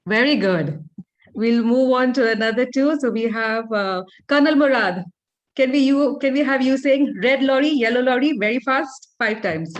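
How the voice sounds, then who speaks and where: A woman's voice: sits high, normal speed, muffled recording. A woman hosting an online club meeting over a video call, chatty and welcoming as she greets people. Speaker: meeting host.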